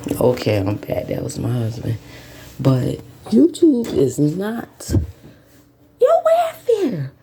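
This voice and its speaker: A woman ranting bluntly and profanely as a YouTube commentator at home, dropping to low mutters and jumping to sharp high bursts. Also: huge pitch swings, takes it slowly, background noise.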